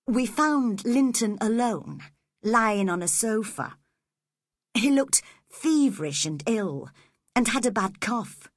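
A woman narrating a storybook in a measured, expressive way, close to the microphone. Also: fairly high pitch, no echo.

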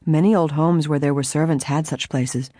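A reader doing a calm caring aunt. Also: mid-range voice, moderate pace, no room sound, studio quality, natural voice. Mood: reassuring.

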